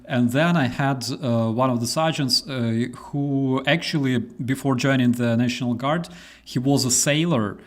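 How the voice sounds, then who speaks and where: Young Ukrainian male host, casual English with an accent, mid-pitched voice, filler-heavy. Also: unhurried. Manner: storytelling with many fillers and restarts. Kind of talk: casual chat.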